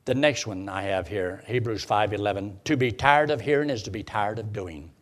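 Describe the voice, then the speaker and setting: A man's voice: fairly low pitch, moderate pace. A man preaching a sermon, quoting scripture in old-style wording and repeating phrases for emphasis.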